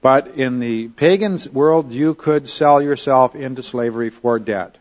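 A man leads a Bible study in a relaxed, conversational way and keeps checking in with "okay?" and "all right?". His voice sits at a middle pitch. The recording is dull and a little lo-fi. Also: unhurried. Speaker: Bible teacher.

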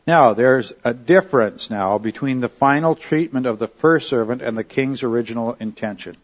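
A man leads a Bible study in a relaxed, conversational way and keeps checking in with "okay?" and "all right?". His voice sits at a middle pitch. The recording is dull and a little lo-fi. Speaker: Bible teacher.

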